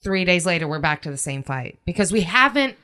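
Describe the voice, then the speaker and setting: A woman's voice: lowish voice, big pitch swings, fairly quick, sharp tone, smooth. A woman candidly telling a personal story in a casual podcast chat. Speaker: podcast guest.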